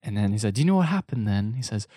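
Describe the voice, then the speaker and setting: A man's voice: lowish voice, rapid-fire, no echo, studio quality. A man co-hosting a podcast, casually recapping a movie and acting out the characters' lines in mock voices. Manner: animated storytelling, quoting characters in mock voices. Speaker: podcast co-host.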